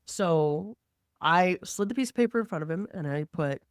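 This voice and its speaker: A woman who works as a mortgage lender, telling a work story in an animated, conversational way and acting out the quotes. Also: on the low side, moderate pace, clean tone, no room sound, clean studio sound.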